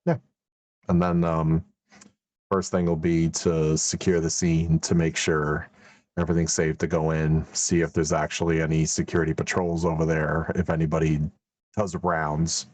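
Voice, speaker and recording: A man's voice: rumbling low, flat delivery, moderate pace, darkish tone, no room sound. A man talking as his character in a tabletop game, laid-back and easygoing. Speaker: player. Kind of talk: tabletop game role-play.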